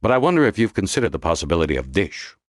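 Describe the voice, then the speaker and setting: A man's voice: low-pitched, very animated, very fast, dry recording, studio quality. A man voicing an elderly male biologist in a wheelchair, courteous and thoughtful. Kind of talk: audiobook character voice.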